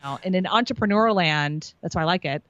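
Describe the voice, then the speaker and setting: A woman's voice: lowish voice, lively intonation, quick pace, a bit bright, dry recording, dull audio. A woman sales and marketing coach telling her story in an interview, bubbly and emphatic, acting out what others said.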